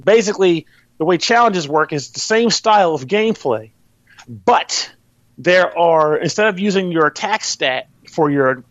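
A man's voice: on the high side, lively intonation, measured pace, dry recording, muffled recording. A man casually explaining how a game works, rambling, restarting, and swearing now and then. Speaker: podcast host reviewing a game.

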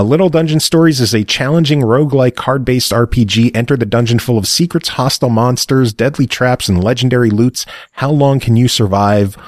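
A man's voice: mid-range voice, a little mellow, dry recording, studio quality. A man hosting a casual game review stream, laid-back and joking as he runs through release details. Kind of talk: casual chat.

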